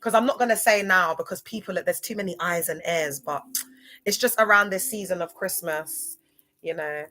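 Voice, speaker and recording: A woman's voice: fairly low pitch, moderate pace, pushed and bright, a little hiss or hum. A young woman chatting casually to viewers on a livestream, laughing often. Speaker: livestream host.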